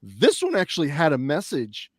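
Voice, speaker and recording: A high-voiced man with a swooping, lively delivery, telling animated stories in a casual movie chat. He swears freely. His voice sounds dry and close. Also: moderate pace, no echo. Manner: animated storyteller, swears often. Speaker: podcast co-host.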